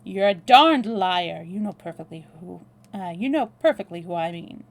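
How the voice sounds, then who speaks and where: Storybook tough guy: woman reading a cool, drawling American man with a gravelly edge. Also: on the low side, animated, fairly quick, mellow. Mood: menacing. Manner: drawling, dry and threatening. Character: brash, blunt young American man, cool under pressure. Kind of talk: read-aloud novel dialogue.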